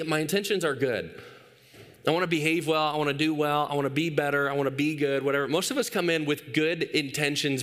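A man in his thirties preaches from a church stage with a bright, forceful voice that sits a little high for a man. He tells family stories casually, slipping into playful quoted voices before turning to the lesson. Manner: storytelling with playful acted quotes of his toddler. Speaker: pastor. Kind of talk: sermon with personal stories.

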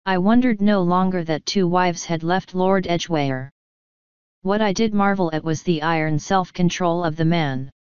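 Low, crisp-voiced woman narrating. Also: no room sound. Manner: steady, measured reading. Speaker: audiobook narrator. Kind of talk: scripted narration. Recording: dull dry recording.

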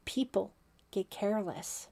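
A woman voicing a teenage boy camp counselor who talks in a slow, remote, menacing way in a storybook reading. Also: medium pitch, creaky, dark tone. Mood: strange remote. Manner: slow, remote, strange-sounding.

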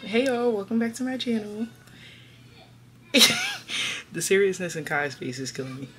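A woman's voice: medium pitch, lively intonation, quick pace, background noise. A woman filming a casual family vlog, chatty and laughing often, talking to her viewers from the car. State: out of breath. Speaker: vlogger. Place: car on the road.

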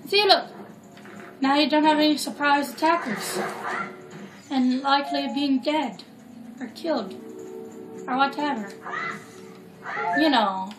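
A woman's voice: high-pitched, slow, pauses often. A woman giving rambling, jokey, casual commentary while playing a video game. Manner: rambling, chatty, jokey asides. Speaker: gameplay commentator. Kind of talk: casual let's play commentary. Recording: roomy echo with loud game music.

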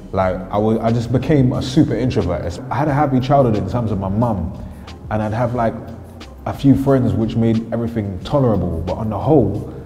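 Dark-voiced London man, rapid street slang. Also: lowish voice. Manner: slangy street talk, says bruv constantly. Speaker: storyteller. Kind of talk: comedic storytelling.

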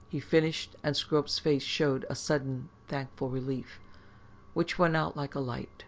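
A woman narrating a horror story in a steady, grave storytelling voice. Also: extremely low pitch, measured pace, muffled recording.

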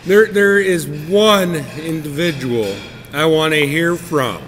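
A man's voice: a little high, slow, fairly bright tone. Middle-aged man joking behind a camera. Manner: playful, mock-formal narration. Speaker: vlogger filming friends. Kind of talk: casual joking vlog commentary. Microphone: handheld camera. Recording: noisy handheld camera audio.

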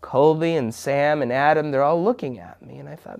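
A man from Minnesota in the United States hosts a children's show, telling kids a dramatic story and dropping into whispers for suspense. His voice is fairly high-pitched, gravelly and a little mellow, and he talks a little fast.

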